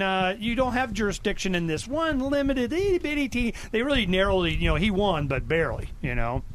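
A man hosting a talk radio show, telling stories and acting out quotes. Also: a bit bright. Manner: storytelling, acts out quotes with big pitch swings. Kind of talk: animated talk radio monologue.

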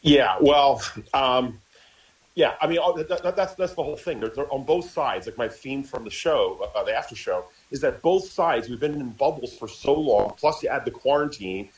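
A man of middle pitch argues on a political radio show, tripping over and repeating his words as he builds a point. His delivery stays casual and conversational. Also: expressive, normal speed, rough recording. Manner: stammering, repeats words while building an argument.

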